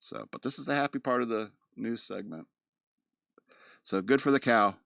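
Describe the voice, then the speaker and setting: A man's voice: medium pitch, normal speed, vocal fry, fairly bright tone, no echo, studio quality. A man hosting a casual news commentary podcast, reading articles aloud and breaking off into loose, joking asides full of filler words. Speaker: podcast host.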